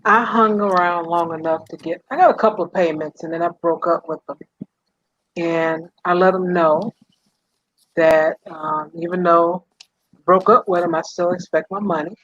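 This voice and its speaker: A woman co-host telling a story in casual chat, in a relaxed way. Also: lowish voice, moderate pace. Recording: dull lo-fi sound.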